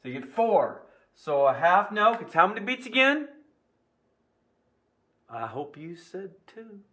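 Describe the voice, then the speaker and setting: A man's voice: on the high side, a bit bright. A man teaching a music lesson on video, playful and quizzing, chanting rhythm syllables as he counts beats.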